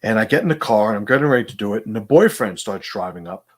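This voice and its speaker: A man's voice: on the low side, expressive, quick pace. A middle-aged man hosting a casual monologue, rambling in a conversational way with lots of fillers. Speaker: host.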